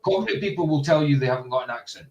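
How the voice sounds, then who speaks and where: A man, hosting a relaxed, rambling casual chat. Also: mid-range voice, quick pace, dull audio, crowd noise. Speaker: podcast host. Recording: distant from the mic.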